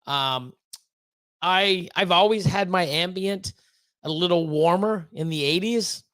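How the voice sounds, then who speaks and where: A man's voice: sits high, takes it slowly, fairly bright tone, no echo. A man hosting a casual livestream, rambling and swearing, with lots of fillers and repeated words. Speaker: livestream host.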